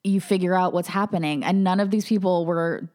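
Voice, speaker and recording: Woman, podcast co-host, lowish voice, casual chat, lots of fillers. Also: steady tone, fairly quick, darkish tone. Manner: conversational, many fillers.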